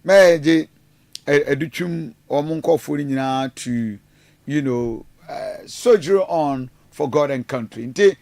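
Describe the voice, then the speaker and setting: Gravelly Ghanaian man rambling commentary. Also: a little high, slow, a little mellow, no room sound. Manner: rambling, hesitant, mixes in Twi phrases. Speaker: political commentator. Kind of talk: casual news commentary.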